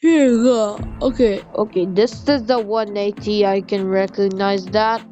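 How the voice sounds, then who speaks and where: A woman's voice: mid-range voice, unhurried, lo-fi sound. A young woman rambling through a casual review of phone games as she plays them. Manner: rambling, animated, talks while playing on her phone. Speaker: game reviewer. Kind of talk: casual game review commentary. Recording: music playing behind.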